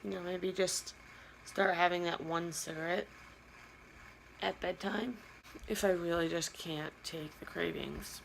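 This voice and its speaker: A woman's voice: fairly low pitch, fairly even intonation, a little slow, creaky, long pauses, slight background noise, rough recording. A young woman talking candidly in a personal vlog diary, rambling and confessional. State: near tears, anxious. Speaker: vlogger.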